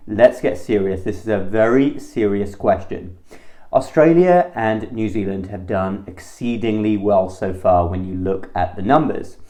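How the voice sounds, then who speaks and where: Man, physician, health commentary, earnest, explanatory, lowish pitch. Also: warm tone. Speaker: internal medicine physician. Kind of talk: solo health commentary to camera.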